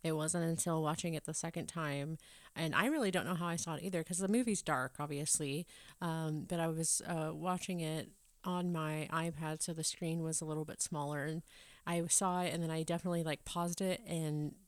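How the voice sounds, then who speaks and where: A woman's voice: low voice, fairly even intonation, normal speed, clear, resonant tone, dry recording. A woman co-hosting a podcast, chatting casually and rambling with fillers. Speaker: podcast co-host. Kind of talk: casual chat.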